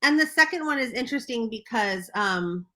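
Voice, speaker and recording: An American film publicist chats casually and enthusiastically about movies on a podcast, her voice fairly high, animated, and sharp at a moderate pace. She uses lots of fillers.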